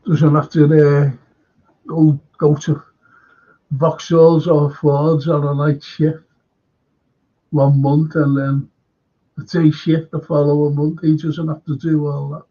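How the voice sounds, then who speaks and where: A man's voice: a little high, flat delivery, slow, pauses often, mellow. An older man with a Liverpool accent hosting a live stream, chatting casually and reading out viewer comments in a meandering way with many restarts. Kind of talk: rambling casual chat. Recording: dull lo-fi stream audio.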